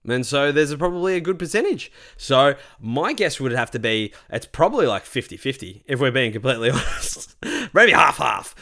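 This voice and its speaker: A male podcast host delivers a solo monologue in a lively, swooping voice. His pitch rises and falls freely as he rants to his listeners. He calls them ladies and gentlemen and keeps a chatty, opinionated flow. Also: normal speed. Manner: animated, ranting, addresses listeners as ladies and gentlemen.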